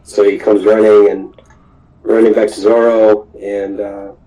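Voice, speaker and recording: Brief: low-voiced man, unhurried, loose rambling recap of an episode. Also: level tone, warm tone, rough recording. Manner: rambling, many ums and restarts. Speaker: podcast host. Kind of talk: casual recap of a cartoon episode.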